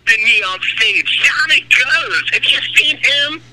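Man doing a high-pitched, swooping, crude rock-star send-up over a noisy radio line. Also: a little slow. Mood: mocking. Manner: crude, sarcastic, gossipy, calls the host by name. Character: brash aging male rock star, crude and mocking. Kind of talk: comedic impression on a radio call.

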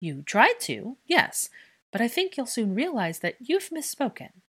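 Woman doing a defiant, sharp-tongued young witch. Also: a little high, big pitch swings, a little slow, husky, pitched above the performer's own voice, exaggerated voice.

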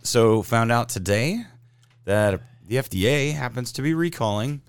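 A man's voice: mid-range voice, unhurried, clear, resonant tone, dry recording, clean studio sound. A man hosting a podcast in casual chat, sarcastic and swearing freely as he rants, stuffy with a sinus cold. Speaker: podcast host.

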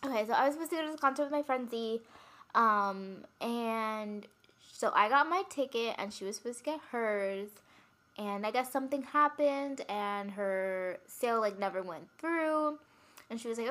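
Higher-voiced giggly woman podcaster. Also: normal speed, a bit bright. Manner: giggly, rambling storyteller. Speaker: podcast co-host. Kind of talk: casual chat.

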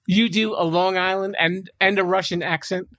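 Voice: mid-range voice, fairly even intonation, moderate pace, a bit bright. An interview host asking playful questions and telling stories with frequent laughter. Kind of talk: casual interview chat.

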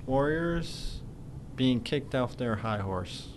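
Halting man with blunt sports takes. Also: medium pitch, animated, a little hiss or hum. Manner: halting, restarts often, blunt opinions. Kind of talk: casual sports chat.

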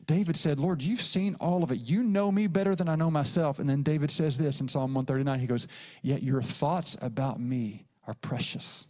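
A middle-aged male pastor preaching with emphatic repetition. His voice sits a little higher than most men's. He leans into quoted lines and gives them a dramatic turn. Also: moderate pace, darkish tone. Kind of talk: sermon.

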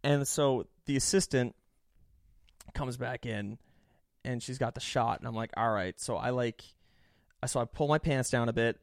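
A young man casually telling a story in animated fashion, swearing freely, laughing often and mimicking other people. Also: mid-range voice, moderate pace, long pauses, no echo, clean studio sound.

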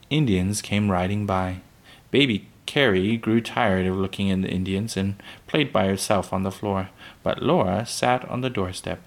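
A man reading a children's book aloud, unhurried, with small slips that he corrects. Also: sits low.

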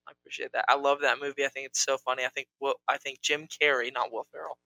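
A young man co-hosting a casual chat, talking in an animated, rambling, playful way. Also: medium pitch, fast, gravelly, no echo, rough recording. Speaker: co-host.

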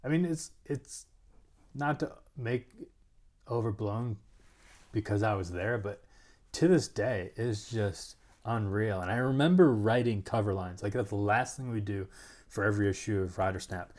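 A middle-aged man telling a story as an interview guest, rambling and animated, full of "like" and restarts, acting out other people's lines. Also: on the low side, normal speed. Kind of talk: casual storytelling.

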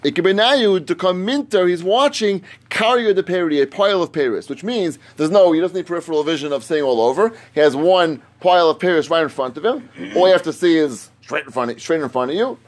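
Man giving a lively, emphatic Talmud lesson. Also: fairly high pitch, a little fast, few pauses. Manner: emphatic, repeats phrases while reasoning aloud. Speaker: Talmud teacher. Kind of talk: Talmud study lecture.

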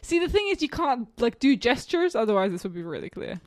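A woman's voice: on the high side, very animated, a little fast. A woman co-hosting a casual chat, giggly, unsure and mocking herself. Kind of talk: casual chat guessing game.

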